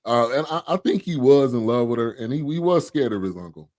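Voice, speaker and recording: A man co-hosting a movie review podcast, speaking in a relaxed, hesitant way with restarts. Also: mid-range voice, brisk. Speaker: podcast co-host. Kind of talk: casual movie review chat.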